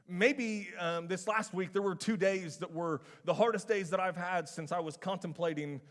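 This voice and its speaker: A young adult man, a pastor, giving a sermon in a casual, conversational and animated way. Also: high voice, normal speed.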